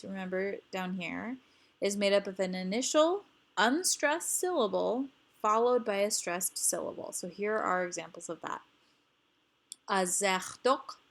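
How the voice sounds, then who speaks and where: A woman teaching grammar rules, explaining patiently and repeating each example word. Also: medium pitch.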